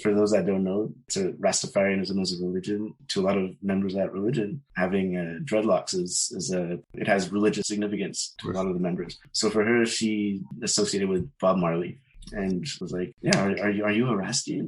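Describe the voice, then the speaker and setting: A man's voice: sits low, flat delivery, fairly quick, a little mellow, slight background noise, rough recording. A man, a guest on a panel discussion, speaking candidly in a casual chat and telling a long personal story. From Caribbean family, mother from Barbados. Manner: candid storytelling, quotes others in raised voices.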